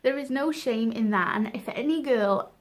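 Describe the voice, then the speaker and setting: A candid woman in a relaxed home vlog, chatting straight to her viewers about personal topics. Her voice sits a little on the high side, and her talk is loose and conversational, full of small fillers. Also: normal speed. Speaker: vlogger. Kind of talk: frank casual advice chat. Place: room at home with windows open.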